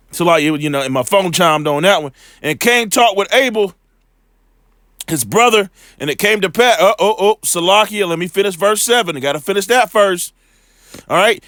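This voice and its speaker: A man giving a loose, slangy scripture lesson, full of fillers and repeated "all right", slowing down when he reads the verses. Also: sits high, fairly bright tone, no echo, clean studio sound. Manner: reads scripture slowly and deliberately. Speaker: bible teacher.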